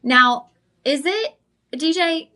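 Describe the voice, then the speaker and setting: A young woman, hosting a live shopping channel and pitching jewelry with chatty enthusiasm straight to viewers. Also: expressive, slow, pushed and bright.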